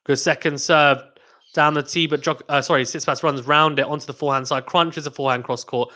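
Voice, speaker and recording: Male streamer, live tennis play-by-play, excitable on big points, slightly higher-pitched voice. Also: fairly quick. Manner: reads out chat messages to viewers.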